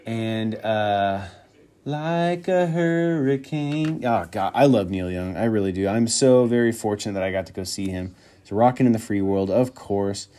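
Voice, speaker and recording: A man's voice: on the low side, fairly even intonation, normal speed, warm tone. Male solo podcast host; loose, rambling, profane, thinks aloud. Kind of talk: casual solo chat.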